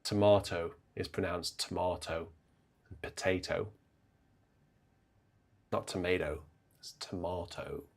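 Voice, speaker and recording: A man's voice: sits low, level tone, takes it slowly, vocal fry, long pauses. A British man hosting a livestream from the organ, chatting playfully and teasing viewers in the chat.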